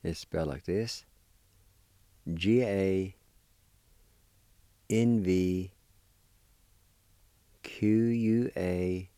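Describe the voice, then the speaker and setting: A man's voice: deep voice, warm tone, smooth, dry recording. A man teaching a language lesson, patiently spelling and sounding out words syllable by syllable and encouraging his listeners.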